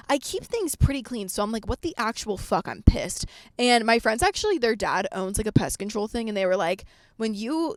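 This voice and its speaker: A young adult woman hosting a podcast, telling a story in a casual, animated way, swearing freely and acting out what she said at the time. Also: a little high, no room sound, clean studio sound. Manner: animated, swears a lot, acts out her own past lines. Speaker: podcast host.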